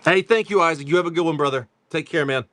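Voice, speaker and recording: A man's voice: fairly high pitch, fast talker, fairly bright tone, slight background noise. A man chatting casually on a live stream, joking with viewers while he reads off cards. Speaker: card-break livestream seller.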